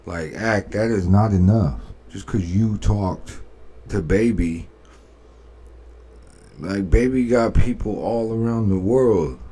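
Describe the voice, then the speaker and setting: A man with a very low, mellow voice reacts to a clip in casual commentary. He is laid-back but opinionated and keeps circling back to his point. His delivery stays easygoing throughout. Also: slow, long pauses, slightly rough. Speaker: reaction channel host.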